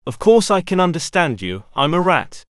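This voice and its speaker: A man voicing a timid young male rat in a storybook who stammers and squeaks. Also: very animated, normal speed, a bit bright, dry recording, studio quality. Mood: nervous.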